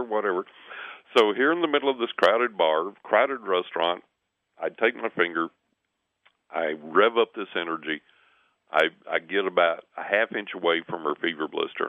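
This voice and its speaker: Deep-voiced man telling stories over a phone line. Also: vocal fry, no echo. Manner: animated storyteller, acts out quoted voices. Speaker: guest. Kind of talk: conversational storytelling.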